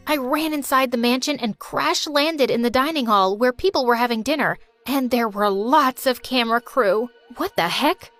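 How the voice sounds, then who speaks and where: A woman tells an animated story in the first person, lively and emotional as she voices a teenage girl. Her voice sits fairly high, with faint music underneath.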